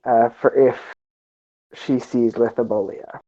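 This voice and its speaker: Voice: mid-range voice, fairly even intonation, slow, mellow, dull audio. A player in a tabletop game, hesitant and thinking aloud with many ums. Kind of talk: casual tabletop play.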